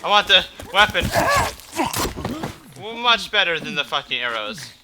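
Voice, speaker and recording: A man's voice: on the high side, animated, a little slow, noisy background. A man doing let's play commentary, swearing constantly and yelping in panic at enemies over game sounds. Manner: profane, panicky, yelps and curses at enemies. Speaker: gaming YouTuber.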